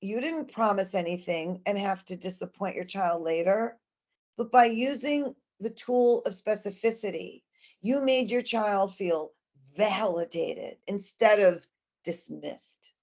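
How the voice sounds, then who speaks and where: A woman's voice: mid-range voice, a little slow, darkish tone, dull audio. A woman giving an earnest, emphatic presentation to parents about communicating with children.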